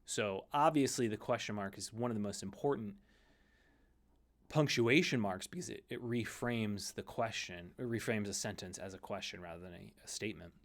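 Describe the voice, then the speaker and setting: In a recorded lecture, a seminary instructor teaches Greek conversationally, often correcting himself mid-sentence and leaning on fillers. His voice is on the low side and moves at normal speed.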